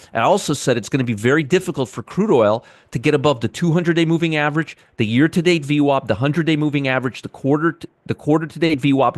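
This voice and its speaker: A man's voice: mid-range voice, no room sound. A man hosting a casual live market commentary, sarcastic and repetitive, answering chat viewers by name. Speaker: trading show host.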